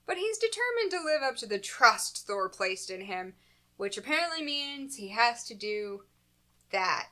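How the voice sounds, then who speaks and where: A woman's voice: on the high side, sing-song, measured pace, pushed and bright. A woman co-hosting a comics podcast, reading plot recaps with dry, sarcastic asides and frequent laughter. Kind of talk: casual comedic recap, reads summary then riffs.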